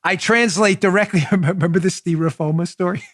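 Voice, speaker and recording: A man hosting a political talk show, delivering animated, mocking commentary with big swings in his voice. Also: sits high, moderate pace, no room sound. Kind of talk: opinionated commentary.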